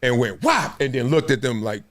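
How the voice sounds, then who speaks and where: A man's voice: mid-range voice, normal speed. A man in his fifties hosting a casual sports talk show, slangy and laughing often, acting out stories as he tells them. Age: 50s. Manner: animated storyteller, acts out quotes.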